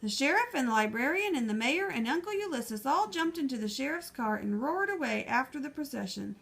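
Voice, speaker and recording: Lady reading a kids' book aloud, expressive, kinda high and a bit gravelly. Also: a little fast. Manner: lively, expressive storytelling. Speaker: audiobook reader. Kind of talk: children's book narration.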